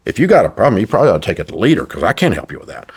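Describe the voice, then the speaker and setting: This fairly low, slightly rough male voice is sing-song and very fast. An older business owner guesting in a podcast interview, he speaks bluntly and emphatically, preachy and repetitive as a sermon.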